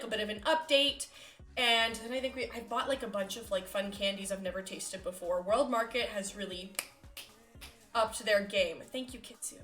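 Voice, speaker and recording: A woman's voice: fairly high pitch, pushed and bright. A woman streaming live, chatting casually in a bubbly, giggly, easily distracted way. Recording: roomy echo with faint music.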